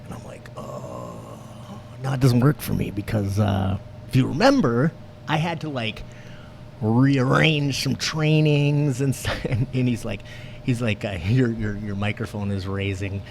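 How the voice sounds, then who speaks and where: A man co-hosting a podcast, telling a story in casual chat, animated, swearing and laughing as he goes. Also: fairly low pitch, moderate pace, gravelly, slight background noise. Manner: animated, profane, laughs through his story. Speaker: podcast co-host.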